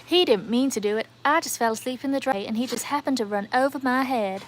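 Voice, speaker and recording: A woman's voice: a little high, quick pace, slight background noise, natural voice. A woman livestreamer putting on a playful fake American accent for a quoted line. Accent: put-on American.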